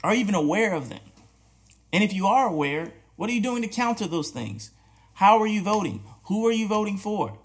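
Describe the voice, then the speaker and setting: A man's voice: high voice, lively intonation, brisk. A man hosting a podcast, talking earnestly and challenging listeners with repeated rhetorical questions, with restarts and short laughs. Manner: many restarts and hesitations, soft laughs. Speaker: podcast host. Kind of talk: reflective spoken commentary.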